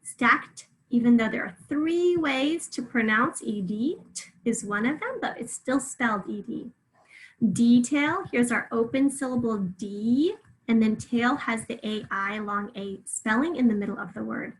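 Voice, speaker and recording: A woman teacher giving a spelling test and going over the answer key, saying each word and breaking it into syllables with clear, careful enunciation. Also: fairly high pitch, measured pace, rough recording.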